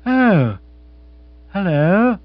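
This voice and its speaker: Blustery stammering upper-class husband, as a reader plays him, high and animated, dry dull sound. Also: male voice, drawn-out words, no echo, exaggerated voice. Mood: flustered, jovial. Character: bumbling jovial upper-class English husband. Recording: dry, slightly dull audiobook.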